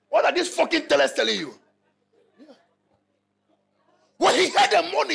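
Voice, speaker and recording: A man's voice: extremely high pitch, big pitch swings, measured pace, gravelly, long pauses, a bit bright, husky. A male pastor with a Ghanaian accent preaching a sermon in an emphatic, repetitive style, often calling out to the congregation and repeating lines. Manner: repetitive, call-and-response, emphatic.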